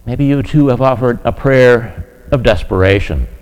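A man's voice: medium pitch, moderate pace, darkish tone, smooth, rough recording. A man preaching a sermon, earnest and direct, often asking his listeners rhetorical questions. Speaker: pastor.

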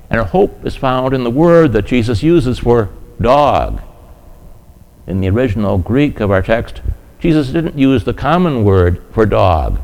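Man, pastor, sermon, earnest, rhetorical questions, mid-pitched voice. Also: darkish tone, rough recording.

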